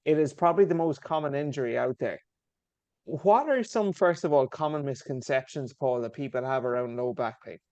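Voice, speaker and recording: A man's voice: medium pitch, fairly quick, dark tone, no echo, muffled recording. A man hosting a fitness podcast, asking questions in an eager, encouraging way. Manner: eager, encouraging, often says the guest's name. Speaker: podcast host. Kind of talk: casual interview chat.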